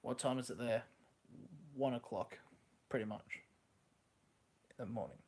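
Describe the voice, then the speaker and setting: A man's voice: mid-range voice, a little slow, a little mellow, breathy edge, rough recording. Joking Australian man on a headset mic. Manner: rambling, jokey, laughs often. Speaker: live streamer. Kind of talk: casual live-stream chat. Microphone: headset microphone.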